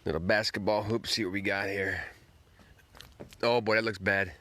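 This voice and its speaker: A man's voice: on the low side, steady tone, normal speed, background noise. A man hosting a casual livestream, greeting viewers by name and rambling upbeat while he eats. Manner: talks while eating. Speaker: livestream host.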